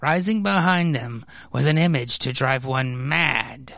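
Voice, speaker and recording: A man's voice: medium pitch, a little slow, vocal fry, pushed and bright, no echo, studio quality. Rambling male comic podcast host. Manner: rambling, loose, many fillers and restarts. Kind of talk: casual comic book podcast narration.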